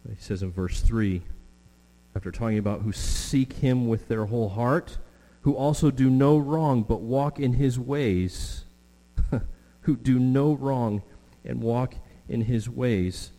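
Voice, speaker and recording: A man's voice: mid-range voice, warm tone. Preacher man in a reverberant hall. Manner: earnest, drawn-out emphasis with fillers. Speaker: pastor. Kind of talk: sermon. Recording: long hall reverb with mains hum.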